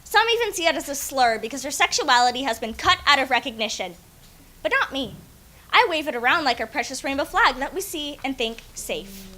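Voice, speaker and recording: A woman performing spoken word poetry on stage, impassioned, swinging between loud outbursts and hushed lines. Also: sits high, very animated, fairly quick. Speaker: slam poet. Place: school event stage.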